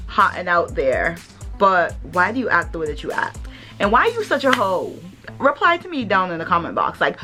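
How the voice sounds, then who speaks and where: A woman's voice: mid-range voice, fairly bright tone. A woman hosting her own vlog in casual chat, blunt and sassy, and she swears freely. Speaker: vlogger host.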